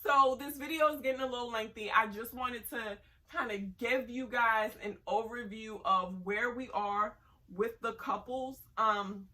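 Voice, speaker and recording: Sassy bright-voiced woman reviewer. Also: fairly high pitch, measured pace, far from the mic, poor audio. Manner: sassy, blunt, exasperated. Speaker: reality TV reviewer. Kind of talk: casual review commentary.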